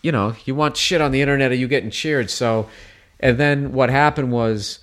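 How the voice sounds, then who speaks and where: Male comedian guest, casual storyteller, profane and animated, mid-range voice. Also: mid-range voice, moderate pace. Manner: profane, animated, rambling with restarts.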